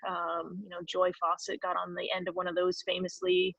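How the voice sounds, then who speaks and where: A woman's voice: lowish voice, completely flat delivery, a little fast, vocal fry, a bit bright, dry recording. Woman from California, dull dry sound. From California, USA. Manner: reflective, frequent ums. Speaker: guest former pro soccer player. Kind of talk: answering questions, storytelling.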